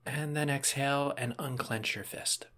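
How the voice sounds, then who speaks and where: A man calmly guiding listeners through a breathing and muscle relaxation exercise, step by step, with small casual asides. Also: medium pitch, moderate pace. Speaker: relaxation instructor.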